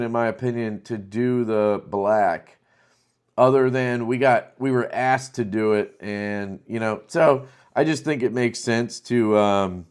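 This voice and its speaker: A man hosting a casual product showcase, talking loosely and enthusiastically with plenty of fillers. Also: medium pitch. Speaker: knife channel host.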